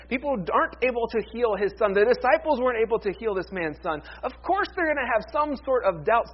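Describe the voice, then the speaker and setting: Guy pastor with a high voice giving a chatty animated sermon, kinda muffled lo-fi sound. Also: slightly rough. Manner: conversational, animated, with playful paraphrases.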